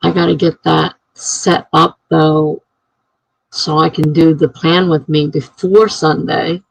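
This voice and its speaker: A woman writer chatting casually on her live stream, rambling and thinking out loud. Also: sits low, little pitch movement, takes it slowly, creaky, slightly rough, dry recording. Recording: dry, slightly dull lo-fi mic.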